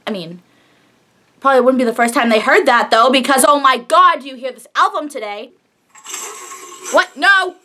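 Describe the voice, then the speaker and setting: A woman's voice: high voice, moderate pace, pauses often, sharp tone. A young woman gushing and exclaiming as she reacts to an album, swearing often as she talks. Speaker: music reaction vlogger. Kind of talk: excited music reaction. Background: faint pop music playing.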